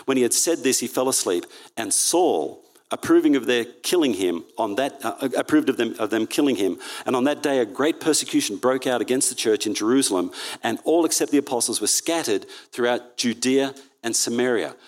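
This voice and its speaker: Man, preacher, church sermon, earnest, reads scripture aloud, self-correcting, mid pitch. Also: animated, brisk.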